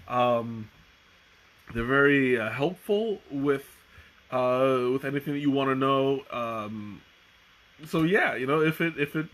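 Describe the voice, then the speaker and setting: A man chats loosely on a live stream about tea, full of fillers and false starts. His voice sits at an ordinary middle pitch, relaxed and unhurried. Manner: rambling, hesitant, many fillers and restarts. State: hiccuping. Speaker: tea livestream host. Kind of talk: casual live-stream chat.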